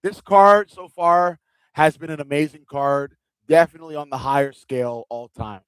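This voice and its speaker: Dude chatting through a fight watch-along, kinda high voice, smooth, super dry close sound. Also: male voice, normal speed, a bit bright, no echo. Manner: chatty and joking, with loose rambling restarts. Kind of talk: casual live-stream chat.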